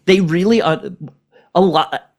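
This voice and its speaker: An American man hosting a podcast in casual chat, joking and self-mocking with quick asides. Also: high-pitched. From United States. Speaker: podcast host.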